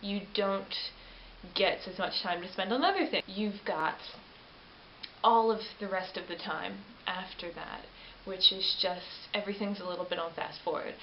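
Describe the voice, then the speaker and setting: A woman's voice: medium pitch, normal speed. Chatty woman in a roomy, dull recording. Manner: chatty and animated, rambling with self-corrections. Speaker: vlogger. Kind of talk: casual film review chat. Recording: roomy, dull lo-fi webcam audio with faint hiss.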